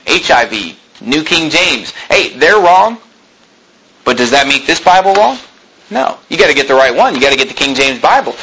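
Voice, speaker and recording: A man's voice: a little high, pushed and bright, breathy edge, rough recording. A man preaching a sermon as pastor, building to emphatic rising peaks and voicing his listeners' objections.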